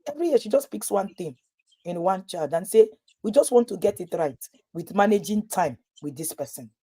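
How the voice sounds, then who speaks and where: A woman's voice: mid-range voice, fairly quick, husky. A woman, a parenting coach talking to parents in a live webinar, telling stories and acting out what people said. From Nigeria. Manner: lively storytelling, acting out quoted voices.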